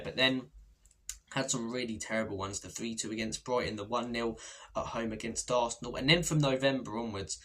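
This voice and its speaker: A man's voice: medium pitch, fairly bright tone. A young man hosting a casual football season review, chatty, wry and opinionated, with mocking asides. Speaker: football fan channel host.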